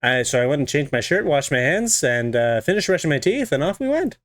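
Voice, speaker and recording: A young man in his twenties telling a personal story to camera in a casual, animated and dramatic way. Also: fairly high pitch, a little fast.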